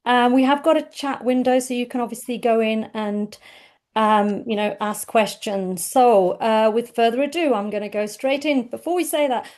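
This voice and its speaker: A woman's voice: on the high side, fairly even intonation, moderate pace, a little mellow. A woman hosting an online group session over a video call, upbeat and welcoming, chatting with fillers. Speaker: host.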